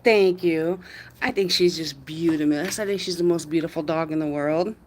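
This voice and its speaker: A woman chatting casually on a live stream from her yard at night, talking to viewers and cooing at her dog in a high sing-song voice on a phone mic. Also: normal speed, a little mellow, slight background noise.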